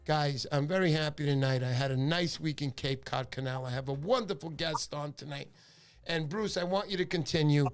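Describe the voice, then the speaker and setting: A man hosting a fishing livestream, chatting in an animated, joking, rambling way. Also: on the high side, normal speed, faint music behind. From New York. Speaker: livestream fishing show host. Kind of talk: casual livestream chat.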